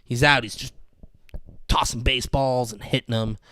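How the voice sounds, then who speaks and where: A man co-hosting a podcast, casually recapping a TV episode with animated, profane retellings and frequent laughs. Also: mid-range voice, normal speed, dry recording. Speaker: podcast co-host.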